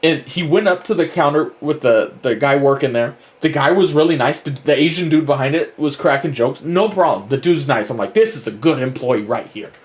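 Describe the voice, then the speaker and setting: Male streamer, slightly high voice, casual profane storyteller. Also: brisk, few pauses. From United States. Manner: profane, animated, chuckling. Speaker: gaming streamer.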